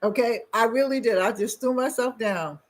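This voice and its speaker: A woman's voice: on the high side, normal speed. An older woman hosting her own channel, chatting casually and telling rambling stories full of asides and restarts. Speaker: channel host. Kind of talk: casual chat.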